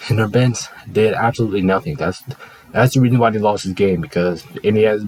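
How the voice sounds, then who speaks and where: A man's voice: lowish voice, brisk, darkish tone, dry recording, poor audio. A man hosting his own video, talking through sports results in a casual, offhand, chatty way.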